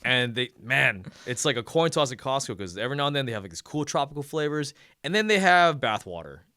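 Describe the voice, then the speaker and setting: A young man chats as a podcast guest, rattling off quick, lively stories full of swearing and self-mockery. His voice sits fairly low but bright, recorded close and dry. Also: dry recording. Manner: storytelling, swears often, self-deprecating. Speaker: comedian guest. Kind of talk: casual podcast chat.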